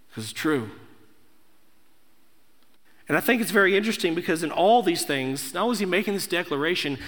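A man's voice: high voice, fairly bright tone. A young man preaching a sermon as pastor, emphatic, building through repeated declarations. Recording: echoey hall.

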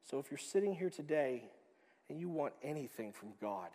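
A man preaching a sermon as pastor, emphatic, swinging from quiet, low passages to loud, pressing ones. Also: expressive, normal speed. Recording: long reverb of a hall.

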